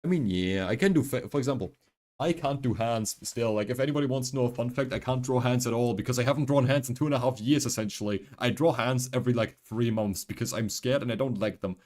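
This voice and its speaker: A man's voice: medium pitch, fast talker, darkish tone. A man who learned English as a second language, streaming a game and chatting casually while he thinks aloud, rambling and full of fillers. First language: not English. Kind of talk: casual gaming stream chat.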